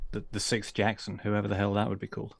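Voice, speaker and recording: A man's voice: fairly low pitch, monotone, fast, gravelly, no echo. A British man from the UK, a guest on a casual comedy podcast, joking in a dry, self-deprecating way.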